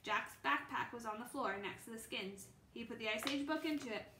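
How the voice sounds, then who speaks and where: A woman's voice: a little high, a little fast, sharp tone. Woman reading a children's book aloud. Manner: unrehearsed reading with small stumbles and restarts. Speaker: reader. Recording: echoey room, faint background noise.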